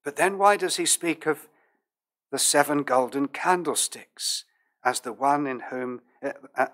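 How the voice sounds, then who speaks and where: A man preaching a sermon as pastor, in a measured, earnest manner with old King James phrasing. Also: fairly high pitch, a bit bright.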